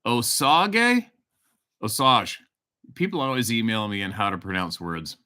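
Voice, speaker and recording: A man's voice: lowish voice, lively intonation, fast, pushed and bright, clear, resonant tone. A middle-aged man from Canada hosting a casual live stream, reading out viewers' locations and telling a loose, profane hunting story. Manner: reads out viewer locations, swears casually, tells stories. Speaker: hunting show host on a livestream.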